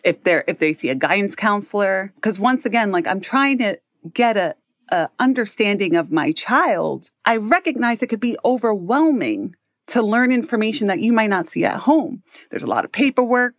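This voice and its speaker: A woman's voice: mid-range voice, big pitch swings, moderate pace, no room sound, studio quality. New York woman explaining earnestly. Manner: earnest, explanatory, often ends points with "right?". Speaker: guest, educator and parent. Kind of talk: podcast interview.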